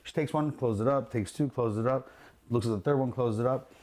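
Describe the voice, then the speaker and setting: Fast-talking man telling a profane story. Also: medium pitch. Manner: animated, profane, acts out quotes with laughs. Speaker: luxury watch and jewelry dealer. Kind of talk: casual storytelling in a podcast chat. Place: his jewelry store.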